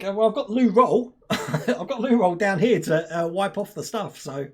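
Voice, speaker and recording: Young guy hosting a live stream, husky voice, laughs a lot, reads out chat comments. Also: high-pitched, moderate pace. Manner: chatty, laughing often, reads viewer comments aloud.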